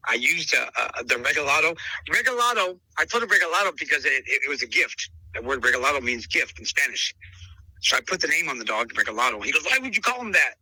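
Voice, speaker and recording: A man's voice: mid-range voice, expressive, fast, pushed and bright, slightly rough, dry recording, poor audio. A man telling stories about his breeding dogs in a podcast interview, often repeating and restarting words and calling the listener bro and brother. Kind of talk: animated storytelling in conversation.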